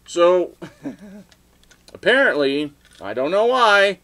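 Middle-aged man, casual vlog storytelling, rambling, animated, loud outbursts. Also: on the high side, slow pace. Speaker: vlogger telling stories.

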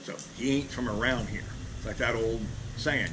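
A man's voice: medium pitch, steady tone, moderate pace. A man, a fishing charter captain, ranting bluntly and profanely in a casual vlog, sitting outdoors under a carport. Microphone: camera mounted on the back of a boat. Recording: outdoor camera audio with clear ambient noise.

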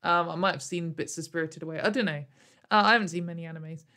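A woman's voice: lowish voice, steady tone, fast talker, pushed and bright. A young woman YouTuber talking sarcastically to camera in a casual commentary, rambling with many fillers and frequent laughs. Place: at home in front of a camera.

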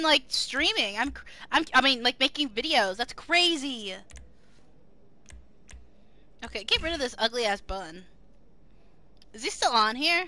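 A young woman streaming live, chatting excitably to her viewers, swearing freely and singing along to music now and then. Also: sits high, moderate pace. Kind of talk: casual live-stream chat.

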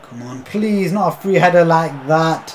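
A young man commentating his own football video game match, swearing often and bursting into shouts at the game. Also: a little high, expressive, measured pace, slight background noise. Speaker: gaming YouTuber. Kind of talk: live gameplay commentary.

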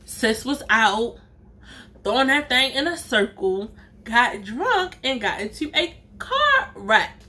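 A woman vlogger telling a story in a casual, animated way, full of slang and emphatic asides. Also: fairly high pitch. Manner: acts out other people's lines in her own voice.

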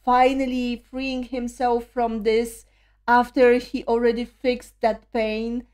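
A woman's voice: fairly high pitch, flat delivery, slow pace, a little mellow, clean tone. A woman hosting a music video reaction, talking emotionally with frequent awed exclamations.

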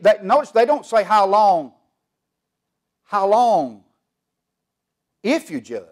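A man preaching a sermon as pastor of a church, building emphasis and asking the congregation questions. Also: fairly high pitch. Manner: preaching with swelling emphasis and call-and-response questions. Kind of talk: fiery Southern Baptist sermon. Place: church sanctuary.

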